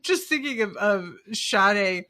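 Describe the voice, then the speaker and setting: A woman co-hosting a podcast, chatting casually and rambling in a self-mocking way, breaking off into giggles. Her voice is bright and pitched a little high, and it moves up and down a lot at an unhurried pace. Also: animated. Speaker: podcast co-host. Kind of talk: casual chat.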